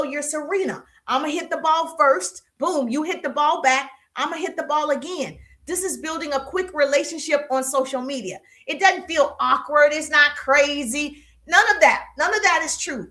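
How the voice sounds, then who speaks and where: High-pitched woman coaching sales on a live, keeps repeating stuff and asking the chat questions. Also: bright, forceful tone. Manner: emphatic, repeats key lines, asks the audience questions.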